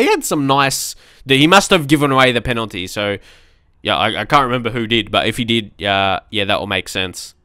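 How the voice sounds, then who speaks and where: A man's voice: medium pitch, pushed and bright, smooth, no room sound, clean studio sound. Chatty man commentating a game. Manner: chatty, rambling, reacts aloud to the match. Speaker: let's play commentator. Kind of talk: casual gameplay commentary.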